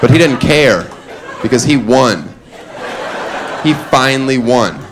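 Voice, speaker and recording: Deadpan male stand-up comic, noisy club. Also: medium pitch, takes it slowly, a crowd in the background. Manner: deadpan, self-amused, often laughing. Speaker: stand-up comedian. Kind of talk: stand-up comedy set. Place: comedy club stage. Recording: live club recording with background noise.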